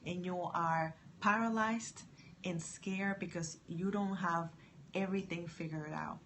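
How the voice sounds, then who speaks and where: A woman talking to camera in a faith-based pep talk. She moves between hushed, soft lines and loud, excited encouragement. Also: fairly low pitch, unhurried, slight background noise. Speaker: motivational vlogger.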